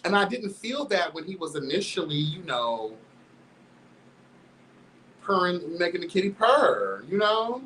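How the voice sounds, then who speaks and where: A man's voice: sits high, measured pace, long pauses, distant mic, a little hiss or hum, rough recording. Sassy, flamboyant man telling a story. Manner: sassy, flamboyant, calls listeners "girl" constantly; animated, laughs through the telling. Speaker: host. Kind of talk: candid storytelling commentary.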